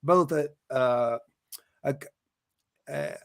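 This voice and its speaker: A man hosting a podcast interview, affirming and quick to respond to his guest. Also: mid-range voice, vocal fry, no echo, studio quality. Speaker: podcast host.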